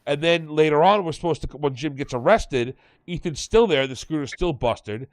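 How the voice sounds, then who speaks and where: His voice sits on the high side and moves at a moderate pace, with no room sound at all. As host of a casual podcast chat, he meanders through his recollections, often correcting himself.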